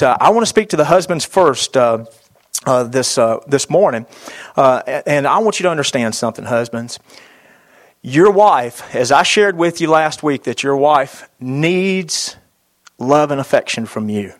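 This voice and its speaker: A middle-aged man preaching a sermon as pastor, speaking directly to his listeners, repeating phrases for emphasis, with frequent "uh" fillers. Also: on the high side.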